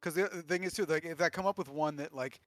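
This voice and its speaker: A man's voice: fairly high pitch, dry recording, faint music behind. A man running a tabletop game as game master, talking bluntly and casually with his players over a voice call. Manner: casual, blunt, quick bursts. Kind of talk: casual chat between game sessions.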